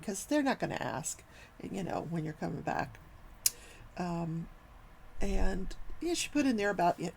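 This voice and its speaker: An older woman hosting a casual talk show, telling a long workplace story and acting out the people in it with lively, animated quoting. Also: lowish voice, vocal fry, slight background noise, low-quality recording. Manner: animated, acts out quoted people.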